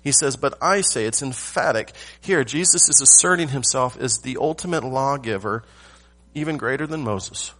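A male pastor delivers a morning sermon in a middle-pitched voice. He leans on key phrases, pauses for weight, and asks the congregation rhetorical questions. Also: a bit bright, soft background music.

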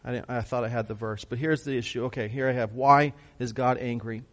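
A man preaching a sermon, who swings from hushed lines to loud bursts and puts questions to his congregation. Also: mid-range voice, steady tone, a little fast. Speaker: pastor.

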